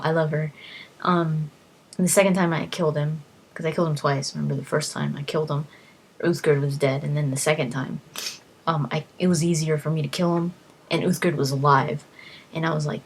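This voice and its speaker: A woman with a low, husky voice chats about a game she loves, rambling eagerly and stumbling over and repeating her words, like a casual, unscripted gaming vlog.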